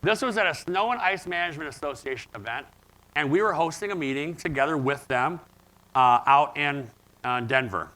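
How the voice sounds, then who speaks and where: A man's voice: on the high side, moderate pace, bright, forceful tone, low-quality recording. A man in his forties giving a conference keynote, telling stories and putting questions to the audience. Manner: storytelling, engaging audience with questions. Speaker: keynote speaker. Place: conference event room.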